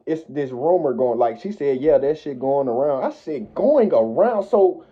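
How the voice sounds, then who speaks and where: Animated young man telling a story, tinny. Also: normal speed. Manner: profane, animated street slang, swings loud and high when retelling. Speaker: vlogger telling a personal story. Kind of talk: casual storytime monologue. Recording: tinny phone-like audio.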